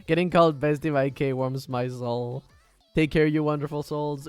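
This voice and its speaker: On a dry recording with faint music behind him, a man draws on stream, chatting, giggling, and humming as he works. His voice is on the high side, sing-song, clear, and resonant, at normal speed.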